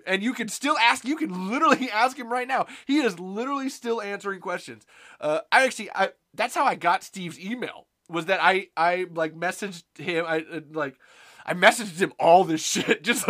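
A young man chatting on a live stream, excitable and rambling, swearing often as he talks. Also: high-pitched, normal speed. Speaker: podcast host on a live stream. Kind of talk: casual live-stream chat.

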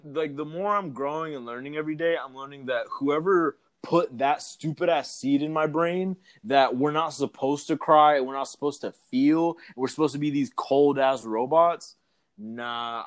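A young man co-hosting a podcast, chatting candidly and profanely, laughing often. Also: mid-range voice. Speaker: podcast co-host. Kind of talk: casual chat.

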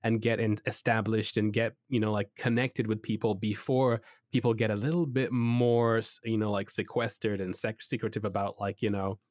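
A man's voice: on the low side, level tone, moderate pace, hardly any pauses, a little mellow, dry recording, studio quality. A man in casual chat who rambles with lots of "like" and "you know", enthusiastically giving advice as a podcast co-host.

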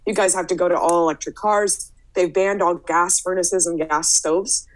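A woman hosting a casual podcast conversation, speaking in a brisk, opinionated way with frequent "um" fillers. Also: fairly low pitch, steady tone, poor audio.

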